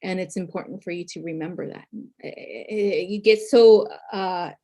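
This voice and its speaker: A woman's voice: lowish voice, normal speed, mellow. A woman talking casually to viewers as a tarot reader, chatty, with lots of fillers and frequent laughter.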